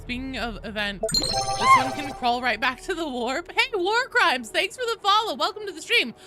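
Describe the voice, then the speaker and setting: A tired woman streaming a game, greeting chat by name in animated, casual talk, with some swearing. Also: sits high, normal speed, loud music behind the voice. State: sleep-deprived and tired.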